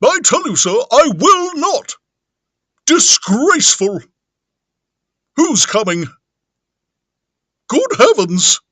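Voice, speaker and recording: A man doing a prim, squeaky vicar. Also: very animated, slow, pauses often, fairly bright tone, husky, no room sound, exaggerated voice. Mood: flustered.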